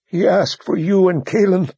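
Audiobook role: male narrator doing a distraught, choked-up man, pitched high and loud. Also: normal speed, creaky, husky, no room sound, highs cut off, full character voice. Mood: anguished. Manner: choked with emotion, pleading. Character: grief-choked loyal man, fighter. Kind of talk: audiobook character voice.

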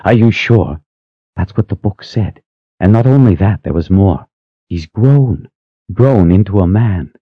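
A frightened young sister speaks in a high, strained, breathless voice, rushing to prove her loyalty. She is voiced by a man reading a storybook. The recording is dry and a little muffled. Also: lively intonation, husky, dry recording. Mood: eager. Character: frightened young woman, nervous, eager to please.

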